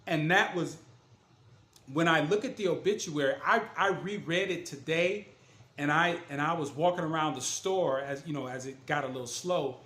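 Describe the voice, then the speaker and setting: A man's voice: on the high side, moderate pace, pushed and bright. A man, an author and motivational speaker, telling his story in a casual, earnest and emphatic way. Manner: earnest and emphatic, retelling scenes with voiced quotes. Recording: echoey room.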